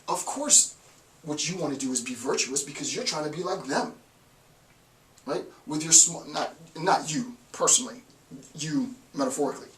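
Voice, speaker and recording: A man giving an informal philosophy lecture, emphatic and forceful, often checking in with "right?". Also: fairly high pitch, lively intonation, normal speed, a little hiss or hum. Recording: echoey room, voice from far off.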